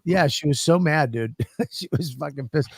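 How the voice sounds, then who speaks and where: A man co-hosting a podcast, telling profane, animated stories in casual comedic chat. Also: on the high side, moderate pace, vocal fry, slightly rough, no echo, studio quality. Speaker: podcast co-host.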